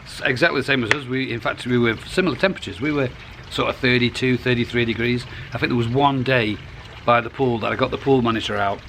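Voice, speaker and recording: A middle-aged man talks casually beside his pond outdoors. His voice sits at a middle pitch, and he rambles along, restarting half his sentences. Faint outdoor noise runs underneath. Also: fast, creaky, a bit bright. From United Kingdom. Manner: rambling and chatty, restarts phrases. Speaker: koi pond vlogger. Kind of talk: casual vlog.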